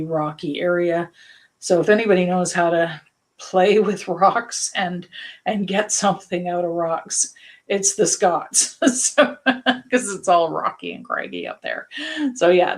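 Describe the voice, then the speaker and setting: A woman's voice: fairly low pitch, gravelly. A middle-aged woman from Canada chatting in a rambling way during a live painting lesson, laughing often as she talks. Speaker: painting teacher.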